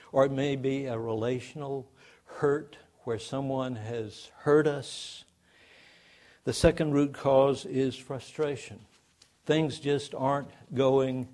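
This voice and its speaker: A man's voice: medium pitch, a little mellow. A man preaching a sermon in a conversational way, asking the congregation rhetorical questions. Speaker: pastor.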